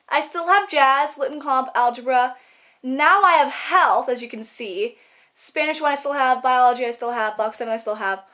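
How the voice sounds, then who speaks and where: Bright-voiced teen girl vlogger, gushing and chatty, nasal from a cold. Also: on the high side. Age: teens. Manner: bubbly, gushing, rapid chatter. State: stuffy from a cold. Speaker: student vlogger. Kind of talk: casual vlog chat.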